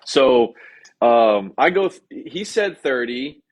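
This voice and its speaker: On a live stream, a sales coach teaches negotiation with casual energy, reading viewer comments aloud and often asking "okay?" His voice is medium-pitched and he takes it slowly.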